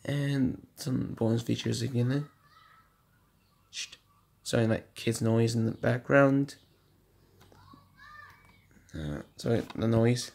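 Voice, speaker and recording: A man at home casually showing off his DVD collection, reading out running times in a halting, stumbling way. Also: medium pitch, gravelly. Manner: shouts at noisy kids, then apologizes. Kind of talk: casual home video show-and-tell. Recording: faint background noise.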